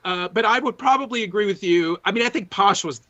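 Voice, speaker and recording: A man's voice: high voice, brisk, sharp tone. A man co-hosting a sports podcast, telling long rambling anecdotes full of fillers and restarts. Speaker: podcast co-host. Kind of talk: casual chat, storytelling. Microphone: desk mic, reads chat from screen.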